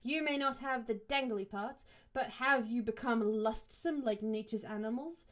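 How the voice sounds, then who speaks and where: A woman's voice: a little high, moderate pace, close to an everyday voice. Woman reading a mocking Viking chieftainess.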